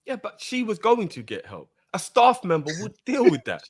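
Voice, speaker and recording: A man's voice: high voice, wildly swooping pitch, normal speed, breathy edge. A man from telling a story in laid-back slang as a co-host of a casual podcast chat. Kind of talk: casual banter.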